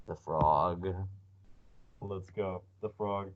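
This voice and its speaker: A man reading a children's book aloud as storyteller, expressive with small slips. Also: lowish voice, normal speed, muffled recording. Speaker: storyteller, read-aloud narrator.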